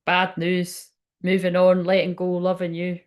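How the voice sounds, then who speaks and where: A woman's voice: lowish voice, monotone, a little slow. A Scottish woman giving a casual live tarot reading, blunt, sweary and chatty, with lots of fillers. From Scotland. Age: adult, ten years online. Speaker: spiritual reader on a livestream.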